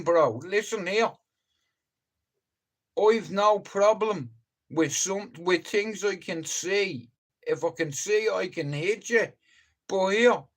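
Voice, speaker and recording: A man hosting a live stream, rambling through stories in casual chat and swearing freely as he talks straight to his viewers. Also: on the high side. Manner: profane, rambling storyteller who addresses viewers directly. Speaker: livestream host.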